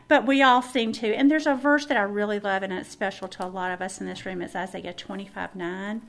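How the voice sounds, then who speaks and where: A woman's voice: medium pitch, fairly even intonation, a little fast, hardly any pauses. Lady preaching, middle-aged, chatty and folksy, talks right to the room. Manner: folksy, warm address to the room. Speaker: women's Bible teacher. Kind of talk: sermon.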